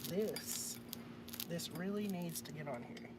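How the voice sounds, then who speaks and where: A man's voice: high voice, lively intonation, normal speed, heavy background noise. A man chatting casually to live-stream viewers, muttering to himself as he works on a repair. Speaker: livestreamer. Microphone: phone.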